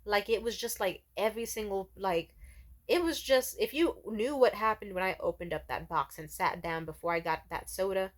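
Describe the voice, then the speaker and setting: Young woman, casual vlogger, animated and fed-up storytelling, swears freely. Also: mid-range voice, moderate pace. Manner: exasperated, profane, animated storytelling.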